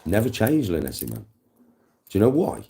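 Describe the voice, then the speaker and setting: A man's voice: low-pitched, huge pitch swings, moderate pace, warm tone. A man livestreaming to his chat, talking intensely and emphatically with a lot of swearing.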